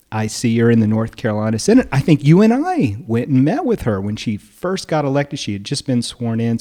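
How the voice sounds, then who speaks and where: Mellow-voiced male podcast co-host. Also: mid-range voice. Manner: playful, laughs often, jokey asides. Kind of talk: casual chat.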